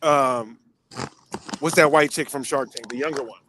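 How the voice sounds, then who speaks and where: A man's voice: medium pitch, moderate pace, background noise. A man from Los Angeles hosting a casual chat, rambling and profane, with lots of fillers. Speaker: podcast host.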